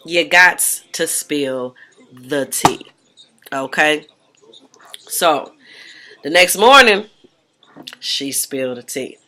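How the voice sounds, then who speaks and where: A woman's voice: low voice, lively intonation, very slow, long pauses, bright, forceful tone, a little hiss or hum. A woman recapping a reality show in casual, blunt, profane slang. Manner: blunt, profane, slangy gossip with acted-out quotes.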